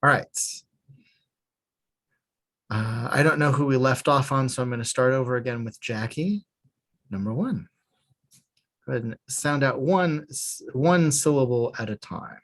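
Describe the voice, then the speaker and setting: A man's voice: mid-range voice, a little slow, long pauses, fairly bright tone. A man teaching a beginner language class, patiently explaining step by step with a small joke now and then. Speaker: Hebrew teacher. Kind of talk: online class instruction.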